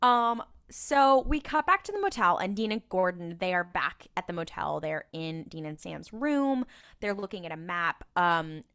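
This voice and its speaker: A woman's voice: fairly low pitch, very animated, moderate pace, a bit bright, clean tone. A woman co-hosting a podcast, recapping a TV episode in a rambling, casual way with lots of fillers and frequent laughter. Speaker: podcast co-host.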